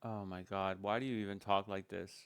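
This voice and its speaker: Male reaction commentator, sarcastic and blunt, smooth voice, dry close mic. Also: deep voice, steady tone, fairly quick, dry recording.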